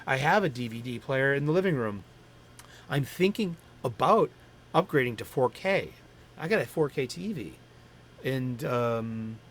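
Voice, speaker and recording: Middle-aged man, comics stream host, rambling casual chat, self-correcting, slightly raised voice. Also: fairly high pitch. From Boston area.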